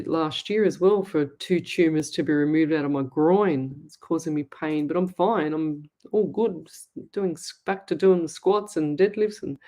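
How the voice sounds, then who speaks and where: Chatty Australian woman hosting a live show. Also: low-pitched. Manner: chatty and warm, reads comments aloud, quick asides. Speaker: psychic medium show host. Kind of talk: live-streamed chat reading viewer comments.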